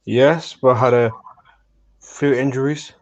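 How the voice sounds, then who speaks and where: A man's voice: medium pitch, fairly even intonation, measured pace. Man calling into a football stream. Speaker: caller on a livestream. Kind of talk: casual chat. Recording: dull lo-fi call audio.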